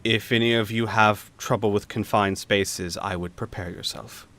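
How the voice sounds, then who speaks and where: A man voicing a calm, measured male mage who speaks slowly and quietly in a tabletop game. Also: lowish voice, natural voice. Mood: grave.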